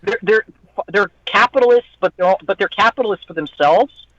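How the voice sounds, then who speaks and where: A man's voice: high voice, moderate pace, fairly bright tone, no room sound. A man, a guest who makes online content, chatting on a podcast in a heated, profane, ranting way and mimicking people in mocking voices. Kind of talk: casual podcast chat. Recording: dull lo-fi dry audio.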